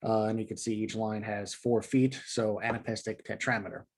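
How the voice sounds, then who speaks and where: A man's voice: fairly low pitch, husky. Casual man teaching poetic meter. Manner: relaxed, with frequent "uh" fillers; reads poem lines slowly and rhythmically. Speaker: poetry teacher and video host. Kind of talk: casual explanatory lesson.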